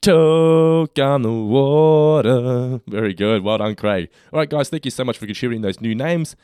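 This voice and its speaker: A man's voice: lowish voice, expressive, fast talker, no room sound. A man hosting a podcast in casual chat, upbeat as he reads out listener suggestions. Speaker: podcast host.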